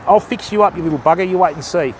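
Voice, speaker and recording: A man's voice: high voice, racing, slight background noise. An Australian man live-streaming his fishing on a phone, chatting in a matey, easygoing way and greeting viewers by name. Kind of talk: casual live-stream chat.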